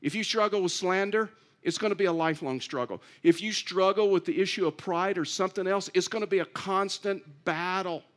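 A man's voice: sits high, a little fast, few pauses. A man preaching a sermon in an earnest way, repeating key phrases and rising to emphatic pleas. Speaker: pastor.

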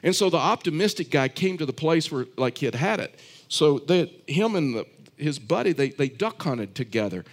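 A man's voice: on the high side, big pitch swings, normal speed. A man preaching a sermon, earnest and repetitive, telling stories with frequent restarts. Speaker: pastor.

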